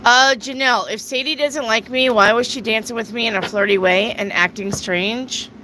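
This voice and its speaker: A woman's voice: on the high side, moderate pace, bright, forceful tone, slight background noise, rough recording. A woman hosting a casual live tarot reading, chatty, reading viewer questions aloud and answering them. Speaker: tarot reader.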